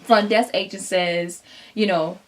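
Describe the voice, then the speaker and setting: A young woman telling a casual storytime vlog straight to her viewers, animated and chatty, acting out what people said. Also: medium pitch, slow pace. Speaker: vlogger.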